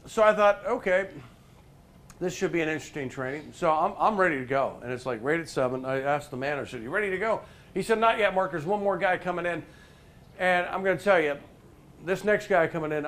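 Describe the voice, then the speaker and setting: A middle-aged man, a professional speaker, telling a story to a live group and quizzing listeners by name. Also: high-pitched. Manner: animated, addresses listeners by name with questions.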